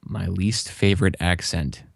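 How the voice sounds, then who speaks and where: A man from Northern New Jersey, a podcast guest in casual chat, talking in an animated, profane way and quick to protest. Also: low-pitched, gravelly, no room sound, studio quality.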